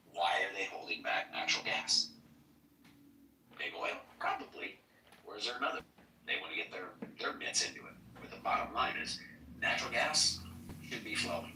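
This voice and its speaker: A man's voice: fairly low pitch, bright, forceful tone. A man hosting a podcast, telling a story and asking blunt rhetorical questions in casual political chat. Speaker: podcast host. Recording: roomy, distant mic with faint noise.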